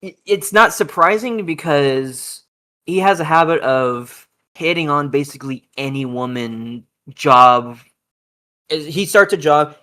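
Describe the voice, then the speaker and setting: A man's voice: mid-range voice, fairly bright tone. A man being interviewed, telling stories in a hesitant, matter-of-fact way with many fillers and restarts. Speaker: interview guest. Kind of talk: casual interview.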